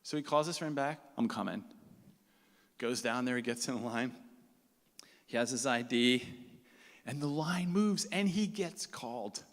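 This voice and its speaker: A man's voice: mid-range voice, a little slow, pauses often. A man tells a story live to an audience. His voice sits in a middle range, and he talks in a chatty way, acting out the lines of the people he describes. The sound carries a long reverb from a large hall. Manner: conversational, acts out quoted dialogue.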